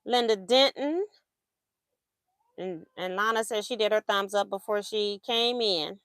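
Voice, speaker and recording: A woman's voice: medium pitch, unhurried, a bit bright, dry recording, clean studio sound. A woman hosting a casual live stream from her home craft room, reading out viewer comments and laughing often. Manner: soothing a crying baby in sing-song coos. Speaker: livestream host.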